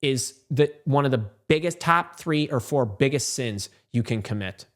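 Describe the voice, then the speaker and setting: A man talking straight to his viewers as a career coach, his voice at a middle pitch. He is animated and insistent, hammering points home by repeating words. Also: moderate pace. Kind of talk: emphatic advice talk to camera.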